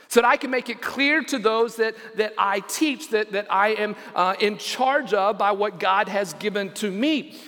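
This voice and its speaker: Emphatic preacher in a church hall. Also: male voice, high voice, pushed and bright. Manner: emphatic, repeats key phrases; reads scripture aloud. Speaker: pastor. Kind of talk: sermon.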